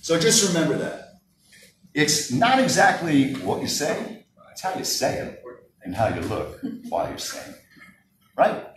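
Animated male speaking coach, roomy. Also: measured pace, pauses often, a little hiss or hum. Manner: highly animated, swings from soft to shouting. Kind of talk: live workshop presentation. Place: workshop room with an audience. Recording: roomy sound from a distance, faint ambience.

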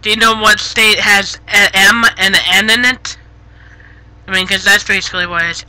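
A woman streaming live on a headset, chatting casually with viewers, giggly and easily flustered, gently scolding chat when it gets rude. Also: mid-range voice, moderate pace, no room sound, rough recording. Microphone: gaming headset.

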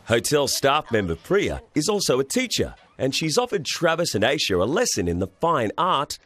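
A man's voice: mid-range voice, wildly swooping pitch, moderate pace, fairly bright tone. A man narrating a reality TV show in a scripted, announcer-like way.

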